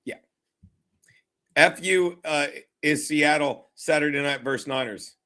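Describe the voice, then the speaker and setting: A man's voice: fairly high pitch, unhurried, bright, forceful tone. A man hosting a casual sports talk show, rambling and jokey with lots of swearing.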